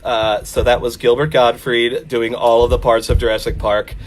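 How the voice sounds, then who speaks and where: A man's voice: mid-range voice, level tone, moderate pace. A man doing stand-up at a virtual open mic, self-deprecating, with many "uh" fillers. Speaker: stand-up comic.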